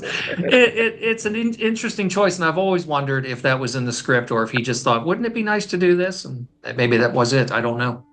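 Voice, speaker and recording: A man guesting on a film podcast, talking knowledgeably in a measured way with hesitant fillers. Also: fairly high pitch, bright, forceful tone. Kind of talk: casual film discussion.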